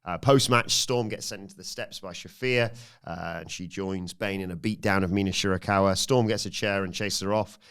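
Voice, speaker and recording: A man co-hosting a podcast, briskly recounting a wrestling match blow by blow with frequent fillers. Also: sits low, fairly even intonation, a bit bright, smooth. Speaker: podcast co-host.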